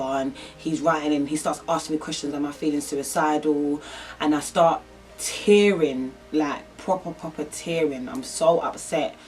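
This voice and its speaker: A woman's voice: low-pitched, a little mellow, distant mic. A young woman telling a personal story in a vlog, rambling and emotional with lots of fillers. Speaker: vlogger.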